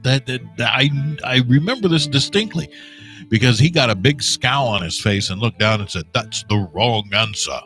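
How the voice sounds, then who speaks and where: A man's voice: mid-range voice, animated, normal speed, fairly bright tone, soft background music. A man in his fifties hosting a morning radio show, talking in a preachy, rambling, folksy way. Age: 50s. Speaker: radio host. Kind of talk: opinionated radio monologue.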